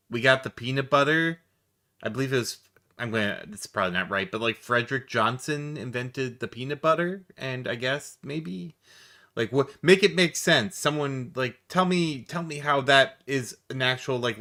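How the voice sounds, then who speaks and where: A man's voice: mid-range voice, pushed and bright. A man hosting a react stream, rambling and laughing as he talks casually, with some swearing.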